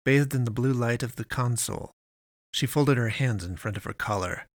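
A man narrating a science fiction story in a measured, deliberate way with long pauses. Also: medium pitch, no echo, studio quality.

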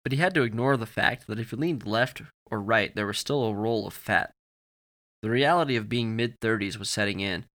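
A man reading a novel aloud in steady, matter-of-fact audiobook narration. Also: lowish voice, fairly quick. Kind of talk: scripted narration of fiction.

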